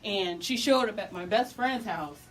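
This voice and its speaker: A woman telling her own story in a halting, emotional way, with many pauses and restarts. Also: mid-range voice, animated, faint music behind. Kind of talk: personal storytelling. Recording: distant mic with faint background noise.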